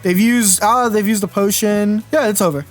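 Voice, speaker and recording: A man's voice: high-pitched, fairly even intonation, normal speed, soft background music. Chatty young man streaming a card game. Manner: rambling, self-interrupting, chatty with viewers. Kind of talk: casual live-stream commentary.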